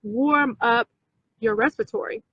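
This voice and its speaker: A woman's voice: fairly high pitch, normal speed, a bit bright, husky, highs cut off. A woman hosting a casual talk video for her viewers, emphatic, repeating points and checking in with "okay?". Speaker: video host.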